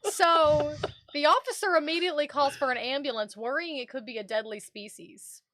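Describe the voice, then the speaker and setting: A woman's voice: high voice, normal speed, a bit bright, slight background noise. A woman co-hosting a casual comedy podcast, reading out odd news stories with giggles and jokey asides. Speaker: co-host.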